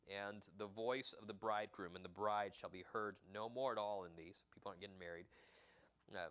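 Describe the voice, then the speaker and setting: Guy pastor preaching, bright voice, talks casual and animated, lots of restarts. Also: lowish voice, brisk, smooth. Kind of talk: sermon.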